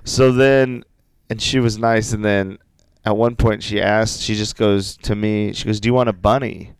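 Low gravelly man telling stories. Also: measured pace, no echo. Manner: animated storyteller, laughing often. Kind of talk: casual comedic chat.

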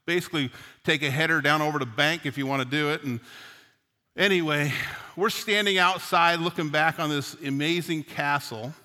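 A man's voice: fairly high pitch, normal speed, sharp tone. A middle-aged male pastor from Newfoundland preaching a sermon, earnest and mixing in personal stories. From Newfoundland, Canada. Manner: earnest preaching, storytelling asides. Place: church sanctuary. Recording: long hall reverb.

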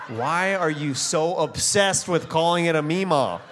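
Man, stand-up comedian, slow crowd work, hushed asides, faint room noise. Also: on the high side, lively intonation. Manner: riffing with the crowd, dropping to hushed pleading asides. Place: comedy club stage.

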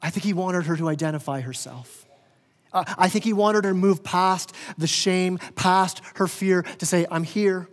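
A male pastor preaches in a high, lifting voice, surging loud and then sinking quiet, repeating words as he builds. His voice carries a long reverb in a church hall. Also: moderate pace. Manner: impassioned, rising and falling in volume, stammering restarts. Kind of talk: sermon. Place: church sanctuary.

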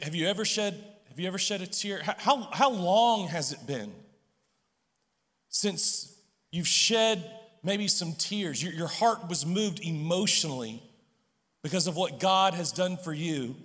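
Male pastor, high and bright, earnest and halting sermon delivery, echoey church hall. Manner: earnest, halting with many repeated restarts. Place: church sanctuary.

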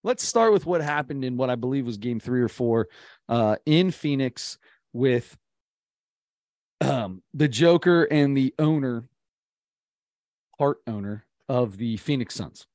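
A man's voice: medium pitch, measured pace, long pauses, no room sound, clean studio sound. A man co-hosting a casual sports podcast. He jokes a lot and tells stories by acting out the quotes. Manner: joking, animated storytelling with acted-out quotes. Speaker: podcast co-host.

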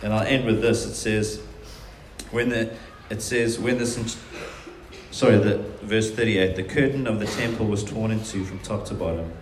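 A man's voice: fairly low pitch, fairly even intonation, normal speed, a little hiss or hum. A man preaching a sermon, earnest and emphatic, often voicing quotations in a stronger tone. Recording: very echoey room.

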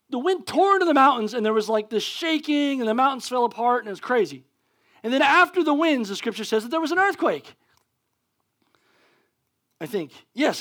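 A man preaching a sermon as pastor, casual and conversational, acting out scenes with animated energy. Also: extremely high pitch.

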